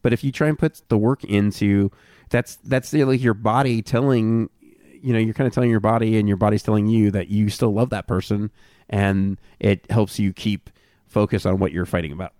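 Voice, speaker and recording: A man's voice: lowish voice, steady tone, moderate pace, warm tone, no room sound, clean studio sound. A man hosting a casual podcast, joking and swearing, often breaking into laughter while giving advice. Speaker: podcast host. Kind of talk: casual chat. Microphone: podcast studio mic.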